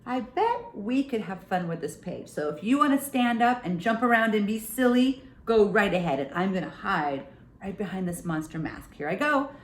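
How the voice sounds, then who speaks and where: Young woman hosting kids' storytime; animated, playful, roomy echo. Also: mid-range voice, normal speed. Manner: playful, sing-song, animated with silly sounds. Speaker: children's storytime host. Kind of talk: reading a picture book aloud to kids. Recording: echoey room.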